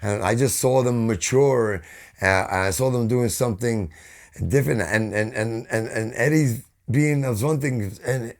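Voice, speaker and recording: A man's voice: medium pitch, unhurried. A middle-aged man with a New York accent, telling rambling, profane stories as a podcast guest. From United States. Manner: rambling, profane storytelling with frequent "bro" and "man". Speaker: podcast guest, band vocalist. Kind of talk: casual chat.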